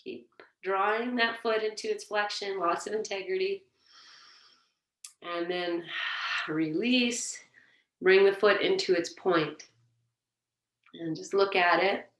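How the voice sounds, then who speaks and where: A woman teaching a yoga class, giving gentle, encouraging, relaxed cues as she demonstrates the poses. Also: mid-range voice, slow pace, pauses often. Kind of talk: guided yoga class instruction. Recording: echoey room, mic far off.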